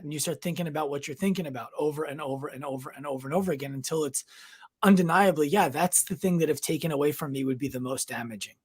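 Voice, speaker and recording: Husky, reflective man. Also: on the high side, fast talker. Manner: reflective, affirming listener. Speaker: podcast guest. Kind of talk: casual chat.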